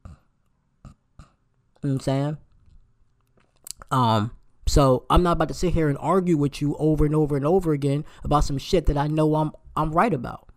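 Man, late twenties, heated storytime rant, profane, emphatic, outraged pitch jumps. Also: normal speed, pauses often. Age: late 20s.

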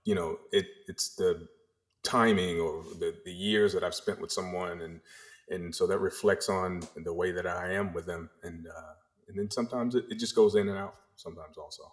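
A middle-aged man from the American South with a faint Southern accent, telling stories in a casual interview, rambling and animated with frequent restarts. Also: deep voice, normal speed. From the Carolinas, US South. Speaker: podcast guest.

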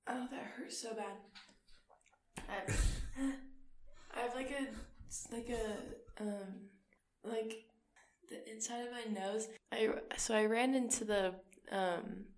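A woman co-hosting a podcast in casual chat, halting, with many fillers. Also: fairly high pitch, steady tone, roomy sound. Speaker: podcast co-host.

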